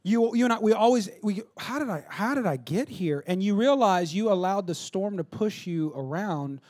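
A man preaching a sermon in a conversational, repetitive way that builds to shouting. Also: high-pitched, lively intonation, moderate pace.

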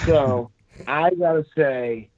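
A man, a pro wrestler, chatting casually on a podcast in a rambling, halting way full of fillers. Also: mid-range voice, darkish tone. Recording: dry, phone-like lo-fi sound.

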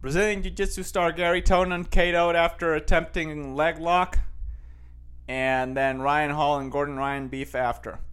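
A man's voice: a little high, steady tone, moderate pace, a bit bright, clean tone. A man hosting a casual show, rambling through news headlines with lots of fillers and restarts.

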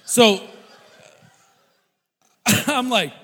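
A man telling a funny personal story to an audience, animated and laughing often mid-sentence. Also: very high-pitched, very slow, in a large hall.

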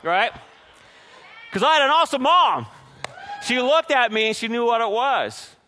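High, bright-voiced preacher in a reverberant hall. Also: male voice, normal speed, a little hiss or hum. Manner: animated, engages the congregation with frequent "right?". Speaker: pastor. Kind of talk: sermon.

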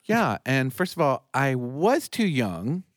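A man's voice: medium pitch, takes it slowly, no echo, clean studio sound. A man co-hosting a casual chat show, teasing and laughing as he tells stories. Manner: teasing, laughing, animated storytelling. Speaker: co-host.

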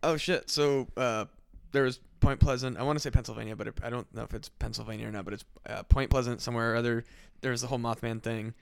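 A man with a smooth, clear voice hosts a casual podcast chat and rambles through a story, packing it with fillers and swearing. The sound is dry and close, with no room echo. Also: medium pitch, fairly even intonation, fast talker. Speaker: podcast host.

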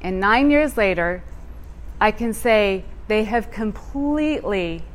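A woman telling a personal testimony in a sermon, animated and expressive, laughing as she tells it. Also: medium pitch, slow. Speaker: church speaker.

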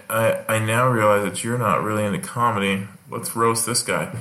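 A man hosting a casual comedy chat, telling stories in a rambling, animated way with lots of restarts. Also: fairly low pitch, moderate pace, echoey room. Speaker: podcast host.

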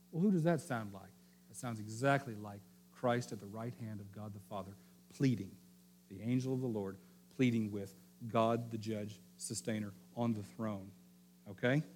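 Man, pastor, teaching sermon, repeats key phrases, checks in with listeners, drops quiet for emphasis. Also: mid-range voice, slight background noise.

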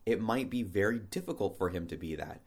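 A man with a fairly low voice talking in a casual, unscripted monologue. He wanders through his point, often restarting sentences and stacking up rhetorical questions as he thinks aloud. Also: expressive, a little fast.

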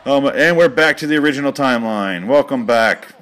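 Deadpan man riffing mock sports commentary. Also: medium pitch, a little fast. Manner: deadpan, rambling, with sudden excited outbursts. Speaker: comedy commentator.

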